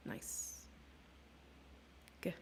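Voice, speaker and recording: A woman's voice: drawn-out words, slight background noise. A woman from Germany giving casual, self-mocking live chess commentary, chatting with her viewers and thinking aloud over the moves.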